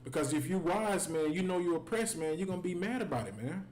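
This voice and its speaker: Speaking briskly with lively intonation, a US man with a high, darkish-toned voice delivers a heated, conversational scripture breakdown on a livestream, constantly saying "man." He sounds angry, and the audio is poor.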